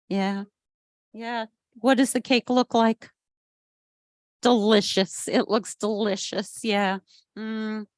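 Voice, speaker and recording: A woman reading a picture book aloud at a family service and asking the children questions in an animated way. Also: on the high side, dry recording, clean studio sound.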